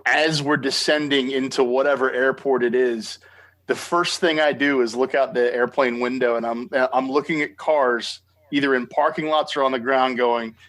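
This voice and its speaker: A man with an American accent hosting a podcast, telling stories in an excitable, animated way. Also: medium pitch. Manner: excitable, animated storytelling with laughs. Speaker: podcast host. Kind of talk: enthusiastic interview chat.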